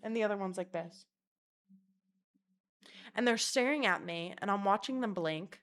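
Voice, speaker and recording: A young woman telling a story in a vlog, animated, dramatic and full of swearing. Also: medium pitch, moderate pace.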